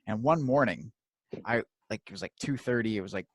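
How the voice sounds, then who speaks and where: A man's voice: on the low side, fairly quick, dry recording. A man in his thirties, co-hosting a podcast, who tells stories in casual chat, swears often and acts out the people he quotes. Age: 30s. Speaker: podcast co-host.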